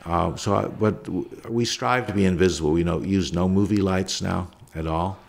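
A man's voice: sits low, moderate pace, gravelly. A documentary filmmaker, a man, answering interview questions in a plainspoken, reflective way.

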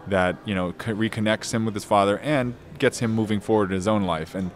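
A man with a somewhat low voice talks through an answer about his own novel. He feels his way forward, trailing off, restarting and filling gaps with ums as he goes. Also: steady tone. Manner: thoughtful, halting, many restarts and fillers. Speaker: novelist guest. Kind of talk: casual interview answers.

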